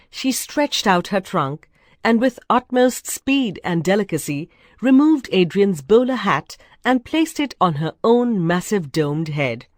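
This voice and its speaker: A woman narrating a storybook in a measured, expressive way. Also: on the low side, no echo, studio quality. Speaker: reader.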